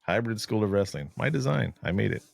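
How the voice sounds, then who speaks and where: Man from San Antonio, podcast co-host, blunt ranter, low voice. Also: lively intonation, brisk, gravelly, dry recording. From San Antonio, Texas. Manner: ranting, blunt, swears freely. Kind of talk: casual chat.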